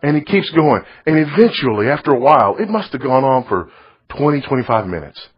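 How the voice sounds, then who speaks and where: A middle-aged man preaching, telling a story in a sermon, swinging from loud to hushed. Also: medium pitch, sing-song, a little fast, slightly rough. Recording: dull lo-fi recording.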